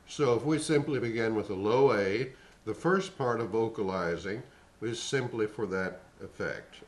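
A man in his sixties, a voice teacher explaining and demonstrating vocal warm-ups in a measured, explanatory way. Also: fairly low pitch, roomy sound. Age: 60s. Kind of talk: singing lesson demonstration.

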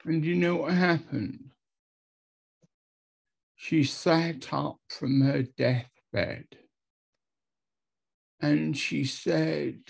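A man who is an Anglican priest, telling a testimony story slowly and dramatically over a video call, repeating words and acting out quotes. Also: fairly high pitch, fairly even intonation, gravelly. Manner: slow, repetitive, dramatic retelling with acted quotes.

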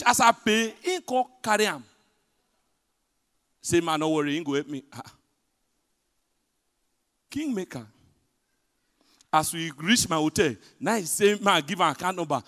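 A man with a Nigerian accent performing a stand-up comedy set in pidgin, telling stories with big swings between loud punchlines and hushed asides. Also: high-pitched, lively intonation, unhurried, long pauses. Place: large hotel event hall. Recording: live hall reverb.

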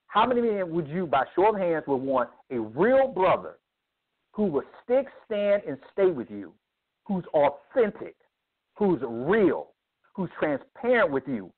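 Male guest speaker, lively preacher-style delivery, heard down a phone line. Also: sits high. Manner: emphatic, preacherly, acts out dialogue. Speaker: guest speaker on men's ministry. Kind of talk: animated interview storytelling.

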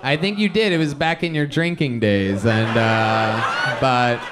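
A male host of a live comedy show, teasing his guest with laughing banter and rapid hype introductions. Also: medium pitch. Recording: noisy live comedy club room.

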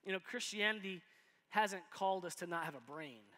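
A man's voice: high voice, normal speed, bright, forceful tone, in a large hall. A man preaching a sermon as pastor, talking casually and playfully and acting out little dialogues. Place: church sanctuary.

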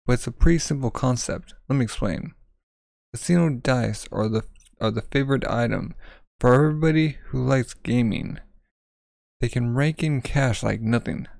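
A man voicing a cocky, excitable teenage boy who talks in pushy, upbeat slang. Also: mid-range voice, gravelly, dry recording, lightly acted.

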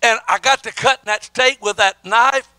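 Male evangelist, middle-aged, bright high voice, emphatic sermon storyteller who stammers and restarts. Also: normal speed, clean tone, no room sound. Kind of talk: sermon testimony.

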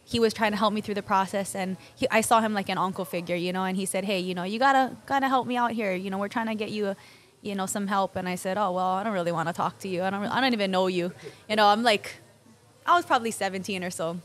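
Animated woman telling stories with laughter. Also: medium pitch, fast talker. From Hawaii. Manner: animated, acts out dialogue with frequent laughter. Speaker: guest, local business owner. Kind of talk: conversational storytelling.

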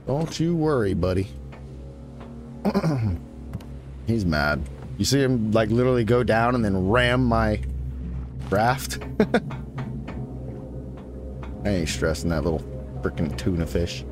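A man's voice: fairly low pitch, animated, takes it slowly, long pauses, over music. A man giving casual live commentary as he plays a survival game, chatting along and teasing the creatures on screen. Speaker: gaming streamer.

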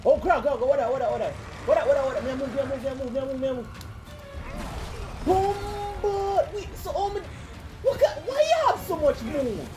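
A man with a Jamaican accent commentating a game, loud and excitable, yelling and joking in patois as he plays. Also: very high-pitched, fairly quick, over music. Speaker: gamer commentator. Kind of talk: let's-play commentary.

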